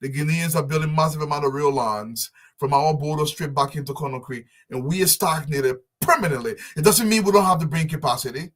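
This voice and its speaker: A man from Liberia, making a fervent, pleading public appeal with repeated lines and swings from soft to loud. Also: on the high side, brisk, hardly any pauses. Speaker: diaspora business advocate.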